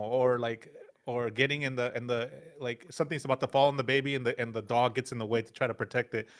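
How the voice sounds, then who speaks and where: A man co-hosting a casual tech stream, telling stories with many restarts. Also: medium pitch. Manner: meandering, many fillers and restarts. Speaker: show co-host. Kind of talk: casual livestream chat.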